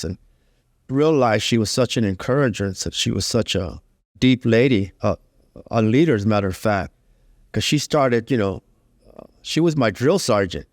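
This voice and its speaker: A man's voice: lowish voice, lively intonation, moderate pace, long pauses, no room sound, clean studio sound. A middle-aged man, a guest telling his life story in a candid, conversational way, full of "you know" fillers.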